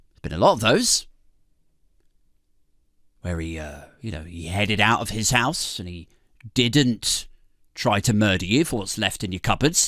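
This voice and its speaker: A British podcast co-host rants sarcastically on a comedy show, swearing and laughing as he goes. He's very animated with swooping pitch, keeps a measured pace with frequent pauses, and sounds a bit bright in a dry, studio-quality recording.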